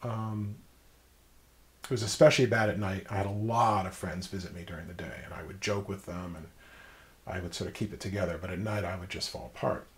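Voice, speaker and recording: A man, likely in his thirties or forties, telling a personal story as an interview guest, reflective and emphatic with pauses. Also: sits low, steady tone.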